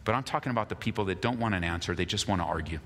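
Male pastor, lively preaching, bright forceful voice, long hall echo. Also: sits low, rapid-fire, a little hiss or hum. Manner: animated, acts out quarrels in lively voices. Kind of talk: sermon.

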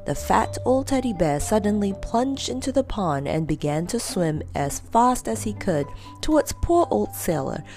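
A woman narrates a children's story with an animated, rising and falling voice. Her tone is mellow and relaxed, with faint music underneath. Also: medium pitch, moderate pace. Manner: lively, expressive.

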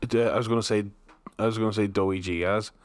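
A man co-hosts a podcast in loose, casual chat. He tells stories excitably, laughs often and swears without thinking. His voice is recorded close and dry, with no room sound. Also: on the low side, a little fast, no room sound. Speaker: podcast co-host.

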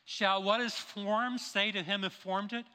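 A man's voice: high-pitched, steady tone, a little slow, bright, forceful tone, clean tone. A man preaching a sermon in a church, stressing his points with rhetorical questions. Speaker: pastor. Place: church sanctuary. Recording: long reverb of a large hall.

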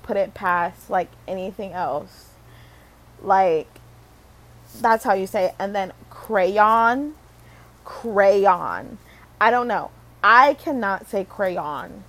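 A woman's voice: mid-range voice, pushed and bright, low-quality recording. A young woman from Michigan rambling casually to camera, full of fillers and self-corrections, swearing and laughing at herself. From Michigan, USA. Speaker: vlogger.

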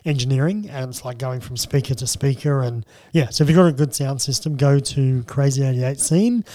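A man co-hosting a casual film chat, relaxed and bantering. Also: medium pitch, brisk, dry recording. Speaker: podcast co-host.

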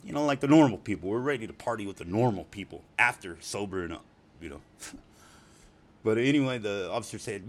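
A man's voice: fairly low pitch, expressive, brisk. A middle-aged man telling casual, profane stories, rambling and laughing often. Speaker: storyteller. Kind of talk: casual spoken storytelling.

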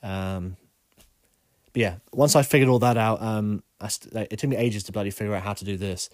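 Congested man, flat podcast monologue. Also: fairly low pitch, brisk, no room sound, clean studio sound. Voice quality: monotonous. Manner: rambling, frequent ums and uhs. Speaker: podcast host. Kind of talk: casual solo podcast monologue.

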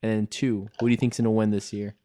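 A man in casual chat with a relaxed manner, asking short questions. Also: fairly low pitch, fast.

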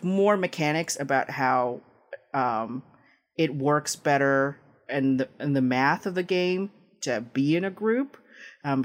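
A man speaking as a guest game designer on a podcast, talking casually, with frequent fillers and easy laughter. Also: mid-range voice. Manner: rambling, peppered with "like" and "um", laughs often.

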